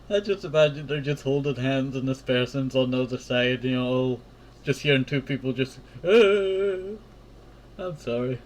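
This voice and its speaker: A man's voice: medium pitch, steady tone, normal speed. Man chatting and stumbling through a game. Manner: stumbles over words and laughs at himself. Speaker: gameplay host. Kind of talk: casual game playthrough commentary.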